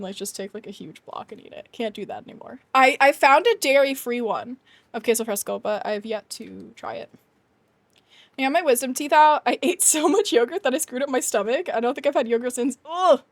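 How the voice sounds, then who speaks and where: A young woman chatting casually to her live stream viewers, with a high, bright-pitched voice. The sound is dry and close, with no room around it. She talks animatedly, laughs often and rants with emphasis. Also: dry recording.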